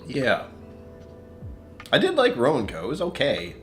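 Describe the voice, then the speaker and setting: A man's voice: medium pitch, huge pitch swings, unhurried, a bit bright, faint music behind. A man hosting a casual whiskey-tasting livestream from his apartment, rambling, talking to himself and chuckling often.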